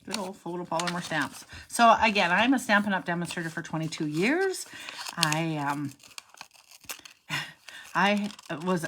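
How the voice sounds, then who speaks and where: A middle-aged woman, working as a stamping instructor, rambles through a chatty live card-stamping demo, talking to herself and interrupting herself as she goes. Her fairly low voice is a bit bright, with a little hiss or hum in the recording.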